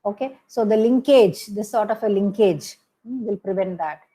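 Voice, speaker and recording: A woman's voice: mid-range voice, normal speed, mellow, low-quality recording. A woman giving a recorded lecture, explaining step by step with frequent "okay" and "hmm" fillers and self-corrections.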